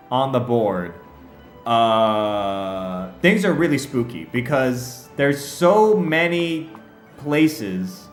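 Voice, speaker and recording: A male streamer with a bouncy, animated voice that swings up and down as he chats. He laughs easily and talks straight to his viewers. Heard in a roomy, echoey space with faint music underneath. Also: mid-range voice. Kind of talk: casual livestream chat and game commentary.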